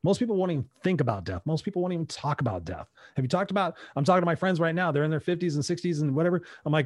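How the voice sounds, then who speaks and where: A man's voice: fairly high pitch, expressive, rapid-fire, hardly any pauses, no room sound. A middle-aged American man telling a personal story in conversation, animatedly acting out his own past dialogue. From United States. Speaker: interview guest.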